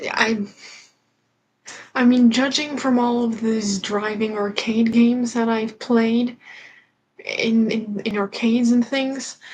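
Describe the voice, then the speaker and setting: Slow, halting young-sounding woman. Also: a little high, a little hiss or hum, low-quality recording. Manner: halting, full of fillers and restarts. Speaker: guest filling in on a livestream. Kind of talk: hesitant casual chat.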